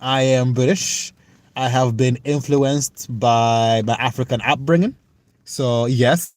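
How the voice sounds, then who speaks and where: A young man from the United Kingdom, chatting live with viewers in an earnest, reflective and halting way as he reads and answers their comments. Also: mid-range voice, no echo. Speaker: livestreamer.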